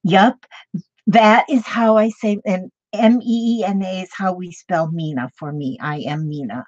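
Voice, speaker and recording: Older lady rambling on her craft stream, lowish voice, kinda muffled dry audio. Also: a little slow, darkish tone, dry recording. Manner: rambling, chatty, greets viewers by name. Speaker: crafting livestream host. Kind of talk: casual livestream chat. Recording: dull lo-fi dry sound.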